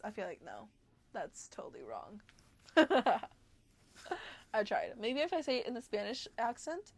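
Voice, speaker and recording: A woman's voice: sits high, very animated, measured pace, pauses often, no room sound. A young woman livestreamer chatting casually with her viewers, bubbly and giggly, often gasping and restarting her sentences.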